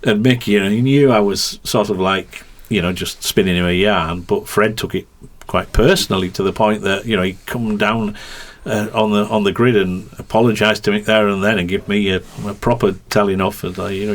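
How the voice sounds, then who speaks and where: A man's voice: on the low side, steady tone, a little fast, hardly any pauses. A man, a motorcycle racing commentator, telling rambling anecdotes in a podcast interview with many restarts and a ready laugh.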